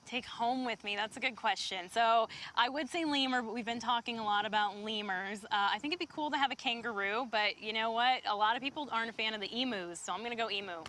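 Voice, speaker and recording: A woman's voice: on the high side, quick pace, hardly any pauses, bright, forceful tone, a little hiss or hum. A woman meteorologist chatting upbeat on a live morning show outdoors in light rain. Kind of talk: live weather and chat.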